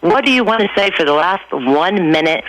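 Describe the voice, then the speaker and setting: A woman's voice: lowish voice, lively intonation, a little fast, poor audio. A woman hosting a radio show in casual chat, telling corny jokes and laughing often. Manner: jokey, laughs often, chatty.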